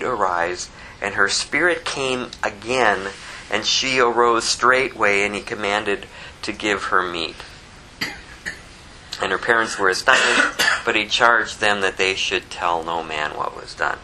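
Bright-voiced man teaching the Bible. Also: fairly low pitch, measured pace, slight background noise, rough recording. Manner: lively and conversational, chuckles at his own asides.

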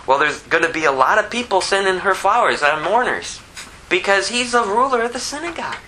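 A man teaching verse by verse from the Bible, lively and conversational, who chuckles at his own asides. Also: high voice, brisk, a little hiss or hum, poor audio.

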